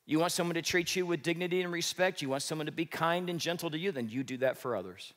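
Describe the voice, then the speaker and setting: A man preaching a sermon as pastor, lively and joking, sometimes acting out what people say. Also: a little high, fast. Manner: lively, joking, acts out quoted speech. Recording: reverberant church hall.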